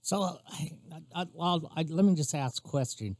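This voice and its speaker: A man's voice: on the high side, normal speed, no room sound, clean studio sound. A man co-hosting a radio talk show, joking around and stammering as he starts. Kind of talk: casual radio chat.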